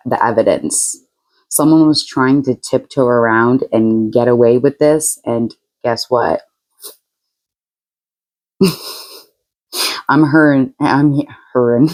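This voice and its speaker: A woman's voice: very deep voice, a little mellow, poor audio. A woman giving a casual tarot reading to her viewers, chatty and frank, laughing often and using blunt slang. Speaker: tarot reader.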